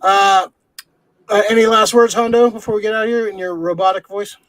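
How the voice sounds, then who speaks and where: High-voiced man, casual profane chat. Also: fairly even intonation, a little fast, a bit bright, dry recording, low-quality recording. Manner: loose and profane, many fillers. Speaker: podcast co-host.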